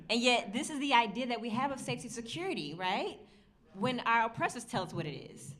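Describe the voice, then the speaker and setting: A woman's voice: on the high side, lively intonation, fast, fairly bright tone, distant mic. A woman speaking on a panel to an audience, earnest and emphatic, asking rhetorical questions. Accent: Southern American, put on only at moments. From United States. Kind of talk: public talk to an audience. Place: lecture room at a university. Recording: roomy hall with faint ambient noise.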